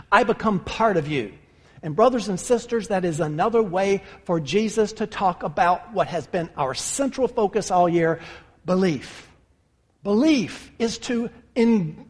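Delivering an emphatic sermon, a man with a high-pitched, husky voice addresses the congregation as brothers and sisters. The recording carries long hall reverb.

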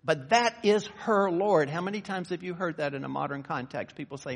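High-voiced man preaching in a reverberant hall. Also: animated, normal speed, hardly any pauses, breathy edge. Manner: builds to fervent raised passages, then drops low and quiet. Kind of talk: sermon.

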